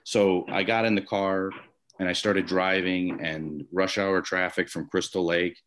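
A Chicago-area former umpire, appearing as an interview guest from his home office, speaks in a low-pitched, level, a bit bright voice at a slightly slow pace. His storytelling rambles with restarts and fillers.

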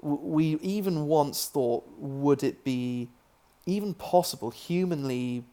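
A man's voice: on the high side, slow, warm tone. A British man being interviewed as a filmmaker guest, talking casually with many restarts and an amused tone.

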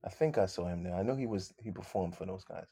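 Low-voiced musician telling stories, laughing. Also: male voice, fast, warm tone, husky, no echo. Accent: light London. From London, England. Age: 50s. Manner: laughing, acts out other people's voices. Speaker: musician guest. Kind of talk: casual interview storytelling.

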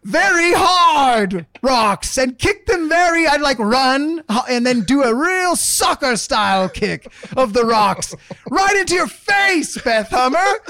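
Man doing a foul-mouthed self-styled online tough guy, vengeful, shouty threats, dry close sound. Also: very high-pitched, measured pace, no echo, heavily acted. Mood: furious. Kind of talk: comedic rant bit.

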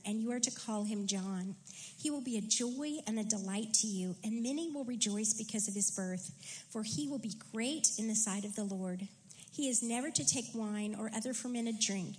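Earnest higher-voiced woman preacher. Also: darkish tone, rough recording. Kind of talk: sermon and scripture reading.

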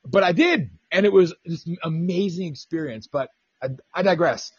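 A man's voice: fairly high pitch, animated, normal speed, husky, dry recording, dull audio. A man hosting a radio talk show, telling stories in a casual, profane way and mimicking the people he quotes. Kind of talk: casual political radio chat.

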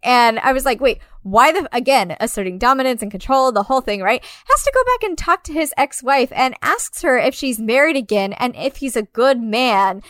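A young woman in a casual film review chat, her voice smooth, clean and fairly high. She talks in a sarcastic, profane way, filling her sentences with "like". The sound is close and dry, with no room around it. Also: animated, brisk, hardly any pauses, fairly bright tone, dry recording. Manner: profane, sarcastic, many filler "like"s.

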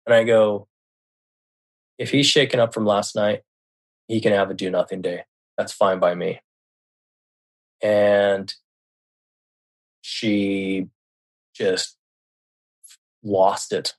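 A man's voice: lowish voice, steady tone, slow, pauses often. Candid middle-aged man telling his story. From United States. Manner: candid, recounting dialogue, swears freely, many restarts. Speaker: podcast guest. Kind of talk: personal storytelling.

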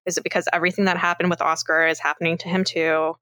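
A woman from Canada co-hosts a casual film podcast and walks through the plot scene by scene. Her voice is bright and a bit low. She is recorded dry and close. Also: flat delivery, fast, no echo. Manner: retells scenes, acts out quoted lines, laughs often. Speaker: podcast co-host. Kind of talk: casual movie recap chat.

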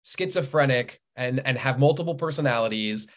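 Guy in his 30s, author guest, easygoing storyteller, mid-pitch voice, does little voices when quoting people. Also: moderate pace. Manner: animated storyteller, acts out quoted voices. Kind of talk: casual conversational interview.

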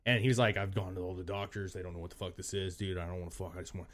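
Profane, animated male podcast co-host. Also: low voice, very fast. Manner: animated storytelling, profane, acts out quoted voices. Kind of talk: casual chat.

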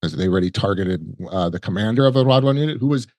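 A man's voice: on the low side, lively intonation, quick pace, darkish tone, no room sound. A man as a podcast guest, chatting casually and rambling with many restarts. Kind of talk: casual conversational storytelling.

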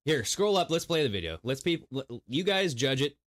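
A man's voice: fairly high pitch, very animated, normal speed. A man co-hosting a casual podcast, joking, swearing and laughing as he reads out odd news stories. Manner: jokey, swearing, breaks into laughter and silly voices. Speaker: podcast co-host. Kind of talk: casual chat.

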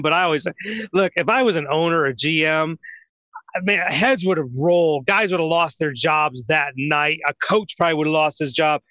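A man co-hosting casual sports talk with a bright, forceful voice that sounds a little dull and lo-fi. He talks bluntly and profanely and laughs often. The sound is dry and close. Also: on the high side, dry recording. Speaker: sports podcast co-host.

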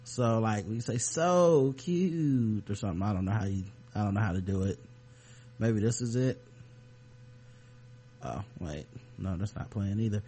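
A man co-hosting a podcast in loose, casual chat, clearing his throat now and then. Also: lowish voice, moderate pace, long pauses, dark tone, a little hiss or hum. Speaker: podcast co-host.

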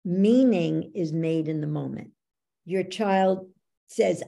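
A woman coach explaining how beliefs work, teaching through lively anecdotes and acting out what people said. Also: on the low side, unhurried, gravelly. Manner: animated storyteller, acts out quoted dialogue. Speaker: belief coach, podcast guest.

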